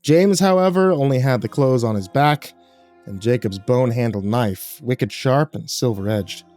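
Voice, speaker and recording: A man's voice: medium pitch, moderate pace, darkish tone, faint music behind. A man reading a horror story aloud in a dramatic storytelling manner. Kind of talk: scripted horror narration.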